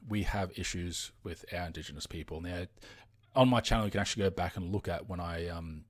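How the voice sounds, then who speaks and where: A man's voice: sits low, fairly quick. An Australian man hosting a live stream, ranting heatedly in casual commentary with frequent fillers and some swearing.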